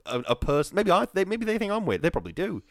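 A man's voice: high-pitched, huge pitch swings, fast, dry recording, clean studio sound. A man co-hosting a podcast, chatting playfully and mocking himself, with stammering restarts. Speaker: podcast co-host. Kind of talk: casual podcast chat.

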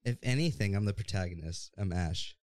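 A man's voice: deep voice, lively intonation, brisk, a little mellow, dry recording, clean studio sound. A young man guesting on a podcast, chatting casually and jokingly, drifting through fillers as he talks. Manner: laid-back, joking, trails off with fillers. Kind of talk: casual chat.

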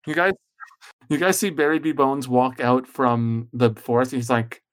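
Game master, tabletop narration, relaxed, hesitant, mid-range voice. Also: medium pitch, measured pace. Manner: casual, hesitant, with fillers and giggles.

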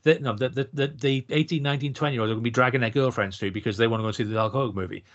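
A man rattles through a film review at a brisk clip, blunt and profane, often restarting sentences. His voice comes through slightly muffled, like a modest podcast setup. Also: mid-range voice. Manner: blunt, sweary, rambling with restarts. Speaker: podcast co-host. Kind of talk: casual film review chat.

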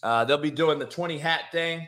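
A man's voice: a little high, a little fast, a bit bright. A man hosting his own live stream, talking loosely and rambling, then ranting profanely at people in his chat. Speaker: live show host. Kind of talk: casual live-stream talk.

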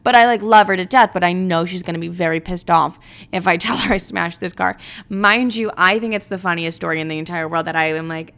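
Brash, profane young woman with vocal fry. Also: lowish voice, fairly quick. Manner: brash, profane, animated storytelling. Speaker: podcast host. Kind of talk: casual storytelling monologue.

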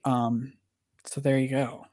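A man's voice: mid-range voice, level tone, slow pace, a little mellow, no room sound, studio quality. Rambling, self-joking male podcast host. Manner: rambling and self-deprecating, with many fillers. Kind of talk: casual live podcast chat.

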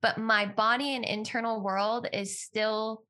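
A woman's voice: a little high, steady tone, a little slow, bright, forceful tone. A woman co-hosting a casual talk, speaking openly and heartfelt about personal healing. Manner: open, heartfelt, uses many "like" fillers.

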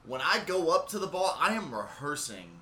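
A man in a casual chat, animated, acting out his own stammering at the bar. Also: a little high, a little fast, roomy sound. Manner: animated, imitates himself stammering.

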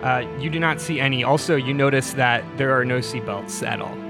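A man narrating as game master in a tabletop game, chatty and quick to laugh at himself. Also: mid-range voice, music in the background. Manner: laughing, self-deprecating, chatty.

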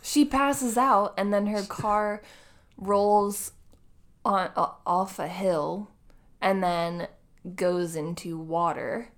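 A woman joins a relaxed movie review chat, speaking slowly and without hurry. She adds wry quips and fills in plot details. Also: mid-range voice. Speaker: podcast co-host.

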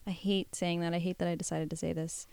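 A woman's voice: on the low side, flat delivery, fast talker, creaky, a little mellow, smooth. A woman co-hosting a casual chat, joking and rambling with playful asides. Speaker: podcast co-host.

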